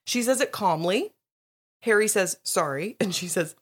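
A woman co-hosting a podcast, chatting casually about a book, animated and quick to laugh and swear. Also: lowish voice. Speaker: podcast co-host. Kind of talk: casual chat recapping a book.

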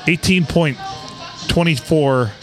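A man's voice: a little high, takes it slowly, faint music behind. A man co-hosting a podcast in casual comedic chat, joking and swearing freely, laughing often. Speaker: podcast co-host. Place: sports bar.

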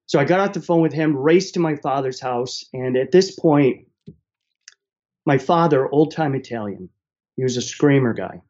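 A man's voice: mid-range voice, moderate pace, highs cut off. A middle-aged man, casually telling a personal story and acting out the voices of the people in it. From central New York. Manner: animated, acts out the voices of people in his story. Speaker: guest telling his life story.

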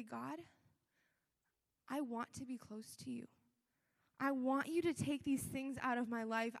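A woman's voice: high-pitched, fairly bright tone. A young woman giving a casual, chatty youth sermon, acting out quoted prayers along the way. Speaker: youth speaker. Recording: reverberant hall.

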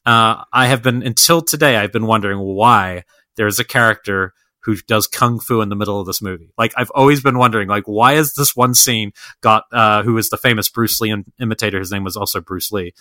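A man's voice: on the low side, a little fast, sharp tone, dry recording. A man co-hosting a podcast in casual film chat. He talks enthusiastically and rambles with lots of fillers and restarts. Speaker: podcast co-host.

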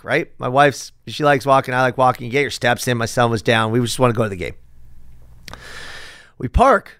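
Middle-aged male vlog host, gravelly and animated, dry close sound, keeps asking "right?". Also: fairly high pitch, no echo. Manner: chatty, rhetorical questions, frequent "right?". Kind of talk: casual vlog monologue.

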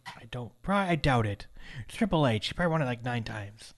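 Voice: medium pitch, lively intonation. Joking podcast host recapping a match. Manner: joking, narrates match moves quickly. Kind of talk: casual podcast chat with play-by-play recap.

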